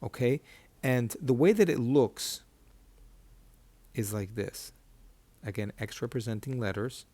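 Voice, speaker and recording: A male Hebrew teacher walks students through a reading lesson at a board. He repeats key terms and keeps asking checking questions. His voice is mid-pitched and recorded dry, with no room echo. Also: measured pace, pauses often, dark tone. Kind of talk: whiteboard lesson.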